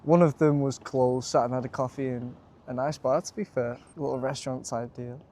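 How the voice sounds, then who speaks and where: A young Lancashire man talks straight into a handheld camera in a casual, excitable vlog. His voice sits at an ordinary middle pitch, and he keeps calling the viewer mate. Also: brisk. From North West England. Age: young adult. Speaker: vlogger pitching to bars.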